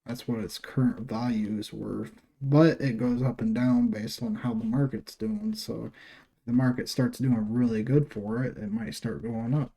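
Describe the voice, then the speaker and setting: A man's voice: mid-range voice, normal speed, vocal fry, warm tone, breathy edge. A man hosting his own channel, talking through a screen share in a loose, rambling way with many fillers and restarts. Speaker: channel host. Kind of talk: casual screen-share walkthrough.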